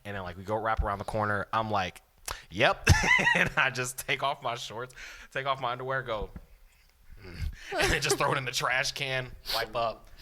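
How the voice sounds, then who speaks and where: A man's voice: mid-range voice, normal speed. A man co-hosting a podcast, telling a funny story in casual chat, laughing often and acting out what people said. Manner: animated, laughs often, acts out quotes. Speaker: podcast co-host.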